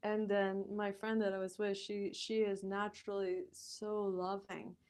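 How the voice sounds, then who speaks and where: Woman, podcast guest, mid-range pitch, lively storytelling, frequent laughter, acts out quoted voices. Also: measured pace, clean tone. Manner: animated, laughing often, acting out quoted voices. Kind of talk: storytelling in a conversational interview.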